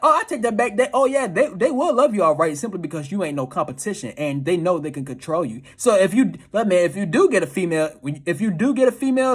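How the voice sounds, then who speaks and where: A man talking casually about dating in a profane, slangy, often laughing monologue. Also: sits high. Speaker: dating advice commentator.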